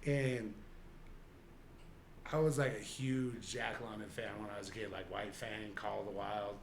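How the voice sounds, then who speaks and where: A man's voice: lowish voice, flat delivery, measured pace, noisy background. A young man chatting on a podcast in a loose, rambling way, full of "like" and "you know". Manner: rambling, heavy use of "like". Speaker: podcast guest. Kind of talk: casual podcast chat.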